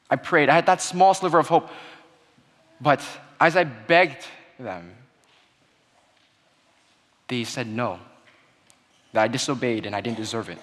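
Earnest man telling a story in a hall. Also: medium pitch. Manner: earnest storytelling, drops quiet at sad moments. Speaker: speaker giving a Christmas message. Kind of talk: sermon with personal story. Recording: long hall reverb.

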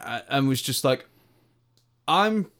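A man's voice: mid-range voice, animated, normal speed, fairly bright tone. Man, casual rambling podcast chat, restarts often, swears. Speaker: podcast co-host.

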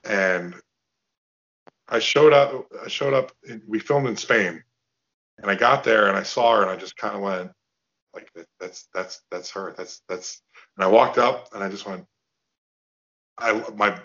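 A man guest on a video call interview, telling stories in an animated way with restarts and acted-out quotes. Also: lowish voice, measured pace, pauses often, highs cut off. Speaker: guest actor. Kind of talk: casual storytelling interview.

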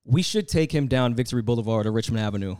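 Fast-talking dry-humored New man. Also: medium pitch, darkish tone, clean tone. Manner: dry, quick jokes. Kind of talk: casual podcast banter.

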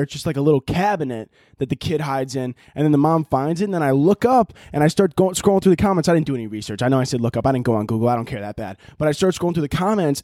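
A man's voice: on the high side, a little mellow, no echo, clean studio sound. A man in his twenties with a Chicago accent, ranting profanely and laughing as a solo podcast host. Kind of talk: casual solo podcast rant.

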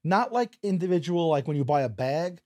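Animated storytelling man, dry sound. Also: a little high, a little fast, no room sound. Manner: animated, acts out quotes, drops to a whisper. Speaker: guest. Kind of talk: casual storytelling.

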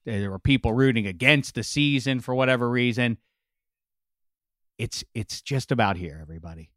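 A man's voice: medium pitch, moderate pace, a bit bright, dry recording, clean studio sound. A man co-hosting a casual chat in a playful, mock-dramatic way. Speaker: podcast co-host.

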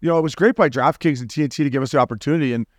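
A man co-hosting a podcast in casual chat, brash and animated, swearing freely as he tells stories. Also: fairly high pitch, rapid-fire, dry recording, studio quality. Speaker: podcast co-host.

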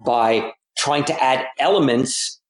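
A man who coaches cycling, talking in a halting way and repeating words as he thinks aloud. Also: mid-range voice. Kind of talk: casual podcast chat. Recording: echoey room.

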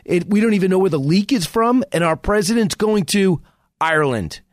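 Fast, emphatic high-voiced male pundit. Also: expressive, no echo, clean studio sound. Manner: rapid, emphatic, frequent restarts. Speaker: radio host as guest. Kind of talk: political talk radio conversation.

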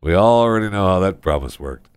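A man's voice: sits low, expressive, fast, clean tone, dry recording. A man hosting a podcast, bantering and reading listener reviews aloud in a wry, teasing way. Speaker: podcast host.

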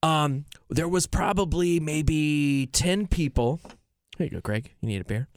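A man's voice: fairly high pitch, measured pace. Rambling man telling a rock story. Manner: rambling storyteller, many restarts. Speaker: podcast co-host. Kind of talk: casual chat.

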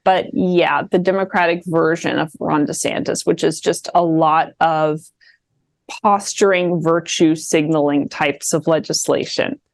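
A woman with a faint Midwestern accent, a podcast guest talking politics in rapid, animated bursts with frequent restarts. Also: low-pitched, gravelly, no room sound. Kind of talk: casual political chat.

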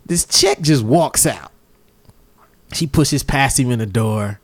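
Man, lively storyteller, big pitch swings, cursing. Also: normal speed. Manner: animated, acts out voices in high pitch, swears freely. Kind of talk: casual storytelling.

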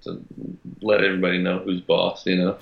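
A man telling a story as a podcast guest, reflective and halting, with frequent restarts. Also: sits low, animated, gravelly. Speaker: podcast guest, gym founder. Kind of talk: casual storytelling interview. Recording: roomy, dull sound.

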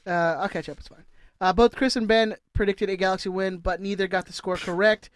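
A man with a high, smooth voice talks loosely and jokingly as a podcast co-host. He reads listener emails with a relaxed, easy manner. The sound is close and dry, with no room around it. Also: fairly quick, no echo. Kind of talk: casual sports chat.

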